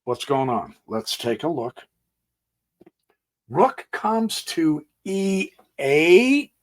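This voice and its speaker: A man walks through a chess game on a physical board in a folksy way, thinking out loud and dropping homey exclamations. His pitch sits a touch high and swings widely. He talks slowly, jumping between hushed asides and emphatic outbursts. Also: sing-song. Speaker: chess channel host.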